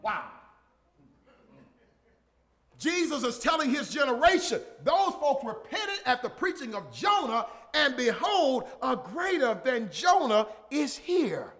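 A man preaching a sermon, emphatic and repetitive, swinging from shouted lines to quiet murmurs. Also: very high-pitched, very animated, slow pace.

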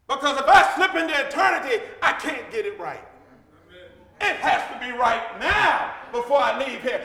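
A man preaching a sermon in a church, fervent, with shouted peaks and joking asides. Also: very high voice, lively intonation, normal speed. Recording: echoey hall.

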